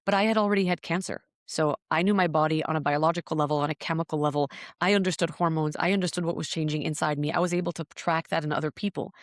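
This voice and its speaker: A woman's voice: sits low, no echo, clean studio sound. A woman guest on a podcast telling her story in an earnest, searching way, often repeating words as she thinks. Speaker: podcast guest, breathwork teacher. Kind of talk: reflective interview storytelling.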